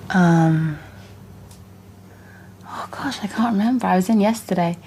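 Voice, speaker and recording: A woman's voice: mid-range voice, measured pace, dark tone, a little hiss or hum. A woman, an actress, chatting in an interview in a bubbly, slightly flustered way. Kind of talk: interview chat.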